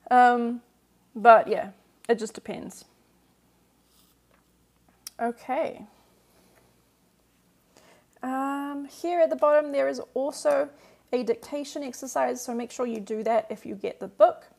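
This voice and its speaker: Lady language teacher on a live stream, kinda high voice with some vocal fry, explains patiently, lots of um and like. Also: slow pace, pauses often, darkish tone. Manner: answers viewer questions.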